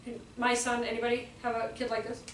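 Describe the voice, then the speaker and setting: Woman workshop presenter, high voice, chatty storyteller who acts out quotes, heard from a distance with faint room ambience. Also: completely flat delivery, fast talker, echoey room, a little hiss or hum. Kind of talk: live workshop talk. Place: room with live audience.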